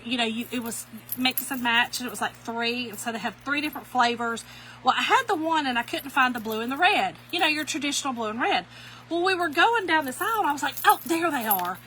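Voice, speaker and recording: A middle-aged woman with a bright, sharp-edged voice pitched a little high. She talks to her viewers in a folksy, giggly way while working on a craft, calling them y'all. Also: slight background noise, rough recording. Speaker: craft tutorial host. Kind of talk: chatty craft demonstration with storytelling.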